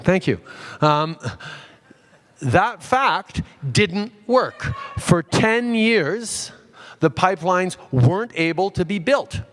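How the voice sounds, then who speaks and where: Man, slightly high voice, town hall answers, halting with many fillers and restarts. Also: expressive, fairly bright tone.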